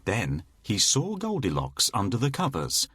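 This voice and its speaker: Man reading a bedtime story, slow, very expressive, husky, dry close sound. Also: on the low side, no room sound. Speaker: narrator.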